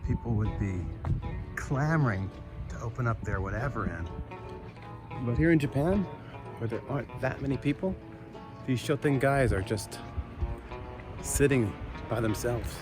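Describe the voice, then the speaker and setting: An American man with a mid-range voice vlogs casually while walking outdoors through rural streets and tea fields. He is relaxed and unhurried, leaving long pauses as he muses to the camera and shows the countryside, with background music playing.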